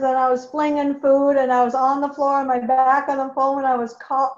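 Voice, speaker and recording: A woman with a fairly high voice shares her recovery story candidly and emotionally, circling back on phrases for emphasis. The recording is dull and lo-fi, with a roomy echo around her. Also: a little mellow. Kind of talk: personal testimony talk. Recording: echoey, dull lo-fi room recording.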